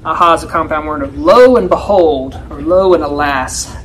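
This expository sermon comes from a church elder speaking at a moderate pace, emphatic and often turning to listeners with "right?" He moves back and forth between elevated pleading and soft, low asides, captured on a rough recording with a faint hiss or hum.

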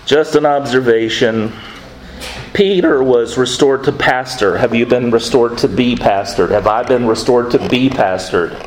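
A man's voice: medium pitch, a little slow, slight background noise. Male pastor, sermon delivery, chatty and conversational with wry asides, echoey church room. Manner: conversational, quoting scripture with acted asides.

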